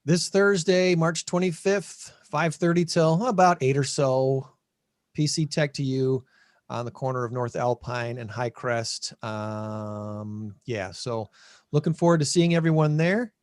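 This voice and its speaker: A man's voice: medium pitch, measured pace, no room sound, clean studio sound. Chatty Midwestern American man hosting. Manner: rambling, self-correcting, chatty. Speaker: podcast host. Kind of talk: casual chat. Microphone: video call.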